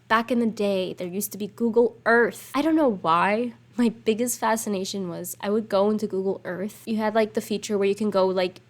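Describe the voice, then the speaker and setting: A young woman casually commenting on her life-sim game, chatty and rambling, swearing offhand and apologizing between asides, into a desk microphone at home. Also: medium pitch. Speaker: gaming channel host. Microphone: desk USB microphone.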